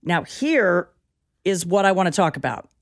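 A woman's voice: lowish voice, big pitch swings, normal speed. A middle-aged woman co-hosting a talk show, speaking in a matter-of-fact, advising way. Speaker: radio show co-host. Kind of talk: casual chat.

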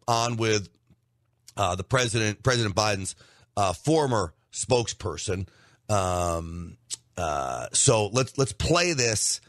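A man's voice: medium pitch, fairly bright tone, dry recording. A man hosting a political opinion show, pressing every point with emphasis and doubling up on words. His voice sits in a middling range, and it is recorded close and dry. He talks directly to his audience. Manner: emphatic, repeats words for stress. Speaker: political commentary host.

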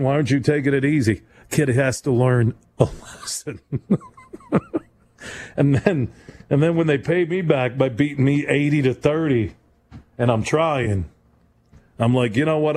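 Mellow-voiced sports radio host, emphatic and rambling. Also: male voice. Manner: emphatic, conversational, rambling, jumps in pitch for emphasis. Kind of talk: call-in sports talk radio. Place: radio studio. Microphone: studio microphone.

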